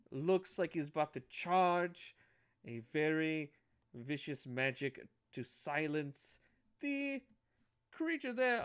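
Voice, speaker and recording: A man narrating a tabletop game as game master, halting and restarting phrases as he goes. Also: a little high, smooth.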